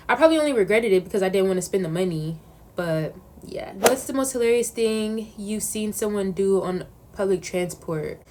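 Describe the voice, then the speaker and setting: A young woman answering questions in a casual vlog, telling stories in an animated, slangy way. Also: medium pitch, brisk. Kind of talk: casual chat.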